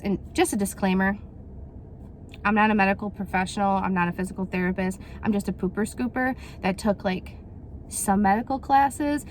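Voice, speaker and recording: A woman's voice: medium pitch, slight background noise. A woman in her thirties chatting casually through a product unboxing, rambling with fillers and acting out little quotes. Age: 30s. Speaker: vlogger reviewing a product.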